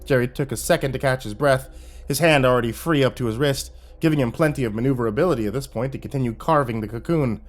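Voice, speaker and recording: A man narrating a horror story in a steady storytelling delivery. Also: medium pitch, fast talker.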